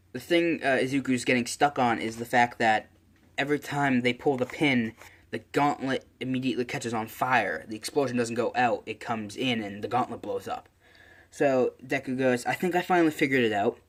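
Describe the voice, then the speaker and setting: A man's voice: medium pitch, steady tone, normal speed, a bit bright. Guy rambling thru a fan story, casual, lots of uh and um. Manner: rambling, many fillers and restarts. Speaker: channel host.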